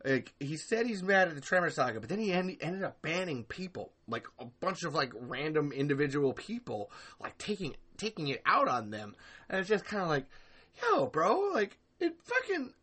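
A man hosting a podcast, ranting in casual chat, swearing a lot and acting out other people's words in loud bursts. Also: lively intonation, a little fast, breathy edge. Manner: profane, ranting, acts out quoted people in loud high bursts. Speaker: podcast host.

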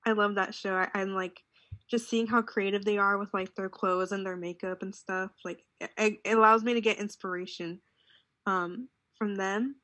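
A woman's voice: medium pitch, moderate pace, no echo. A young woman chatting casually as a podcast co-host, rambling and saying "like" a lot. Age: young adult. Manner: relaxed, rambling, heavy use of "like". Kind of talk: casual chat.

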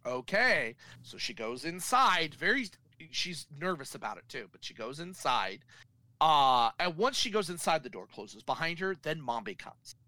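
A man with a bright, forward voice tells a film's story in lively detail, slipping into the characters as he goes. His voice sits a touch high and sounds dry and close. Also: normal speed, dry recording, rough recording. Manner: animated storyteller acting out characters. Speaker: podcast co-host. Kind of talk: casual film recap.

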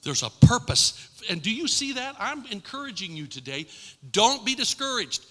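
Impassioned pastor preaching in an echoing hall. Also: male voice, very high voice, big pitch swings, moderate pace. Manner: impassioned, with emphatic repetition and sudden drops to a hushed voice. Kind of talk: sermon. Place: church sanctuary. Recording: long reverb in a large hall.

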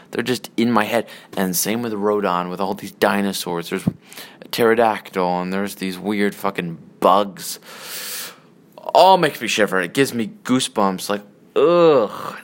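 An adult man in a casual, rambling rant about old movies, swearing often and getting worked up. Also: lowish voice. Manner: profane, rambling, excitable.

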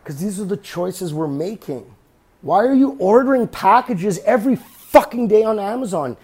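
A man's voice: high voice, expressive, normal speed, a little mellow, husky. A man hosting a podcast, talking alone in a blunt, profane, ranting way, mocking imagined critics. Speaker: podcast host. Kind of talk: casual monologue.

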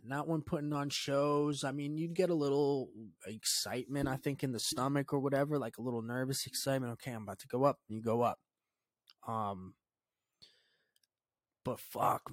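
A young man hosting his own podcast, telling a story in a loose, profane, rambling way and dropping to a low mutter when he quotes his own thoughts. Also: no echo. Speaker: podcast host. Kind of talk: casual solo podcast storytelling.

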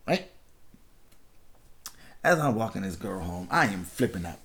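This man's voice sits low, and he talks at a measured pace with frequent pauses. In his thirties and hosting a podcast out of Washington, D.C., he spins a story in casual chat, cursing, laughing, and animatedly voicing the people in it.

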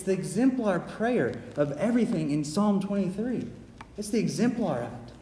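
A man's voice: high voice, very animated, moderate pace, warm tone, a little hiss or hum. A man preaching a sermon in an earnest, repetitive way, often stumbling and restarting his sentences. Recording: echoey hall, faint ambience.

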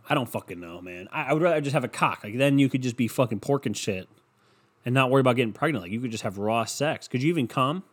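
Rambling, foul-mouthed young podcast host. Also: male voice, medium pitch. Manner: rambling, heavy swearing, constant "like" fillers. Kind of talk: casual solo podcast rant.

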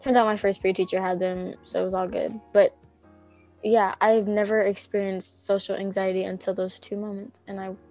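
With a medium, rather flat pitch and a darkish tone, the teenage co-host talks a little quickly while faint music plays. Her casual storytelling wanders through anxious moments, leaning heavily on "like" and dramatizing what people said.

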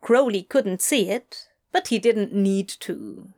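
A woman narrating a romance story in an unhurried, expressive reading voice. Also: mid-range voice. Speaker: story reader. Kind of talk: audiobook narration of fan fiction.

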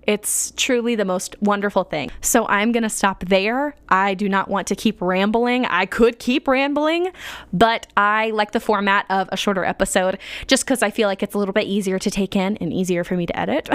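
A woman's voice: mid-range voice, clear, resonant tone, dry recording. A young woman hosting her own podcast, sharing her faith in an earnest, emotional way, laughing often and restarting sentences as she goes. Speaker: podcast host. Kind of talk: casual faith-sharing monologue.

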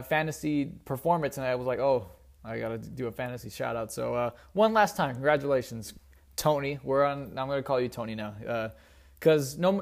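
A young man hosting a solo sports podcast, rambling casually with fillers and restarts, joking at his own expense. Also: mid-range voice. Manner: rambling, self-deprecating, with many fillers and restarts. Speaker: podcast host.

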